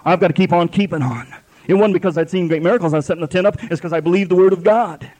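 A man's voice: high voice, rapid-fire, a little mellow. A man preaching a sermon at a live church service, fervent and repetitive, with folksy grammar.

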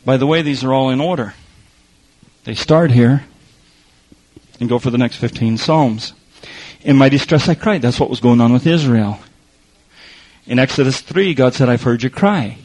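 A man preaching a sermon, swinging between loud emphasis and hushed asides. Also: medium pitch, normal speed, pauses often, rough recording.

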